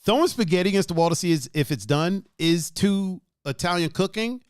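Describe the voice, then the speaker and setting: A man's voice: sits high, a little fast, smooth, no echo, clean studio sound. A young man hosting a podcast in casual chat, telling stories with lots of laughs and swearing, acting out what others said. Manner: animated storyteller, swears, laughs often, acts out quotes. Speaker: podcast host.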